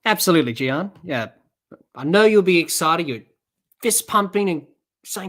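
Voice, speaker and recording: An excitable woman hosts a live cricket watch-along podcast, calling the play and chatting back to viewers' comments. Her voice sits a little low for a woman. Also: normal speed, pauses often. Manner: excitable, reads out and answers viewer chat. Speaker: podcast host.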